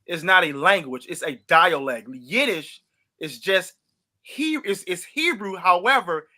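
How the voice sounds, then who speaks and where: Hosting a podcast from St. Louis, USA, this man has a high, animated, bright voice with a forceful edge, speaking a little slowly. The religious debate he leads is heated, and he keeps pressing his opponent with repeated questions and derisive laughter.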